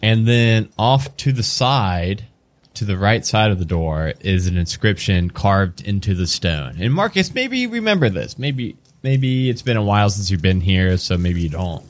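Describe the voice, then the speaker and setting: A man narrating as game master in a tabletop game, describing scenes haltingly with fillers and reading a riddle out slowly and solemnly. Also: deep voice. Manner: reads the riddle in a raised, slow, solemn voice.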